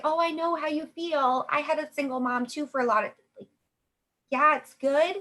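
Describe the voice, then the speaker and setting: A woman's voice: medium pitch, bright, forceful tone. A young adult woman talking from home, coaching in a chatty, upbeat way and acting out sample sales conversations. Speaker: network marketing coach. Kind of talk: casual coaching talk.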